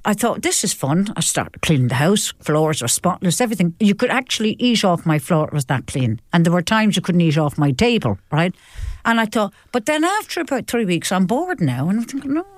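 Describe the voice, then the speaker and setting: An older woman tells stories as a guest in a chat interview. Her telling is lively and animated, full of repetitions and laughter. The sound is close and dry. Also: on the low side, no room sound. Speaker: actress and guest. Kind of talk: chatty interview storytelling.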